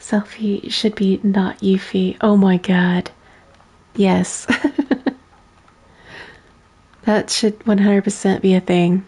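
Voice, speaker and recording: A soft-spoken woman streamer with a gravelly, husky texture, speaking close to the mic for an ASMR gameplay stream. Her tone is mellow and dark, and she reads game text aloud quietly between small giggles. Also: mid-range voice, level tone, slow pace, long pauses.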